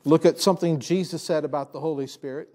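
Man, high voice, pastor, emphatic sermon, repeats key lines, church. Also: fairly even intonation, quick pace, mellow. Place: church sanctuary.

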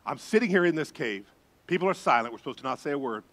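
A middle-aged man preaching as a pastor, telling a story with lively voices and gasps. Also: fairly high pitch, quick pace. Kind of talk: sermon storytelling.

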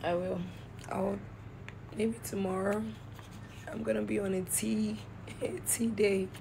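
Woman, tired croaky voice, slow playful drawl, late-night live stream chat, faint background hum. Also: mid-range voice, flat delivery. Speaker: livestreamer reading comments.

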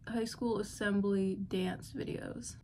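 A woman's voice: medium pitch, steady tone, takes it slowly, a little mellow, slight background noise. Teen girl vlogger, put-on Southern country accent, rambling casual chat, self-deprecating. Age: teens. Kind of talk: casual vlog while doing makeup.

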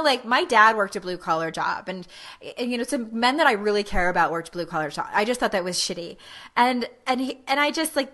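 A woman's voice: mid-range voice, bright, forceful tone. A woman in her forties hosting a podcast, chatting candidly and laughing at herself. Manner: candid, laughing, self-deprecating. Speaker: podcast host. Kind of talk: casual podcast chat.

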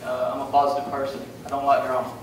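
A man with a Southern US accent giving a candidate forum speech, halting and full of fillers. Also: mid-range voice, monotone, a little hiss or hum. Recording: echoey room, mic far off.

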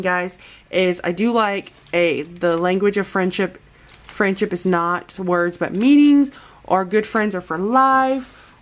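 A woman vlogger from the United States chatting casually through a toy unboxing, gushing and calling her viewers guys. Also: medium pitch.

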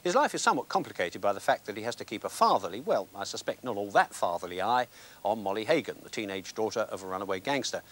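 Sardonic British film reviewer. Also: male voice, lowish voice, very animated, fast talker, fairly bright tone. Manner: dry, sardonic wit. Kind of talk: scripted film review presenting.

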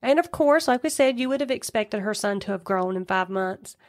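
A woman's voice: medium pitch, animated, brisk. A woman co-hosting a podcast, retelling a true-crime case in a chatty way with asides. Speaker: podcast co-host.

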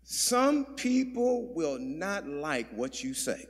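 Male pastor, high voice, sermon with call-and-response, reverberant sanctuary. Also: very animated, takes it slowly, husky. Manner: preaching with call-and-response, shouting and dropping to murmurs. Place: large church sanctuary. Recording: long hall reverb.

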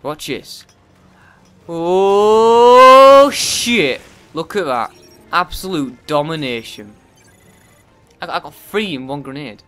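Male let's player, foul-mouthed and frustrated, highish animated voice. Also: a little slow, pauses often, clean tone, faint music behind. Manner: profane, yells at the game in frustration. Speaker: let's play gamer. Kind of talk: gameplay commentary.

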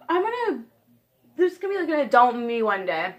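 Giggly teenage girl rambling on her vlog. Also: high voice. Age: teens. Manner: giggly, scattered, self-deprecating. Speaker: vlogger. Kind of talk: casual rambling vlog chat.

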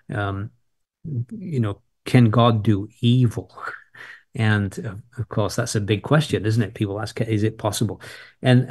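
A man of ordinary, mid-range pitch leads a verse-by-verse Bible teaching. He reads each passage aloud and then talks it through in a relaxed, explanatory way, with a soft chuckle here and there. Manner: conversational and explanatory, reading scripture aloud then unpacking it.

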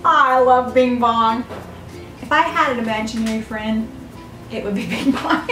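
An older woman, chatting to camera as a vlogger opening fan mail, gasping and gushing with excitement. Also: fairly high pitch, a little slow, over music. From Southern United States. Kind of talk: casual chat to camera. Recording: echoey room, mic a bit far off.

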